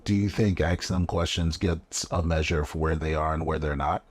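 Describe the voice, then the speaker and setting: Deep husky male interviewer. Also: fairly even intonation, moderate pace, no echo. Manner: laid-back, frequent affirming mm-hmms. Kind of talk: casual interview.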